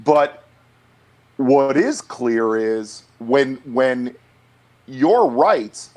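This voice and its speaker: Speaking extremely slowly in a creaky, medium-pitched voice, a middle-aged podcast guest is blunt and animated. The casual conversation is peppered with his stammered repeats and many restarts.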